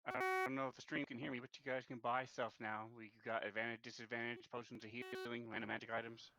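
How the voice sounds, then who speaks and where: A man playing a tabletop game, speaking quietly and in a matter-of-fact way. His tone is bright and a little tense, and the sound is dry. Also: medium pitch, big pitch swings, fast talker, no room sound. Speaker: player. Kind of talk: casual chat at the game table.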